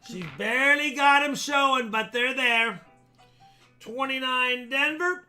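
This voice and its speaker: A man hosting a live coin auction stream, chatty and excitable, joking as he shows coins. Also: very high voice, slow, faint music behind. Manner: chatty, excitable, jokes while showing coins. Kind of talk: casual live auction chat.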